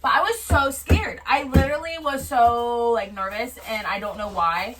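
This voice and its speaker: A young woman co-hosting a casual chat, excitable and quick to giggle. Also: a little high, far from the mic, music in the background. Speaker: podcast co-host.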